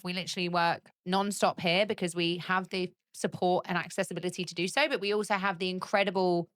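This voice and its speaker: A woman's voice: on the low side, fairly bright tone, no room sound, clean studio sound. A woman in her thirties, co-hosting a casual podcast chat, telling stories with lots of laughter. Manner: chatty, laughing storyteller. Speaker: podcast co-host.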